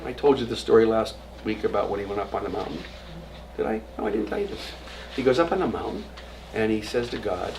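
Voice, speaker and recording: A man's voice: on the low side, expressive, fast talker. A man teaching an adult class as rabbi, telling stories and jokes and acting out quotes, sometimes dropping to a whisper. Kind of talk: informal adult education lecture. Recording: distant mic with audible room noise.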